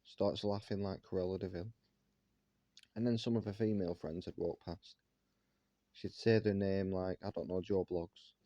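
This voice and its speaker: A man's voice: deep voice, steady tone, moderate pace, mellow, no echo, lo-fi sound. A man ranting to his viewers in an indignant monologue, firing one rhetorical question after another. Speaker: vlogger.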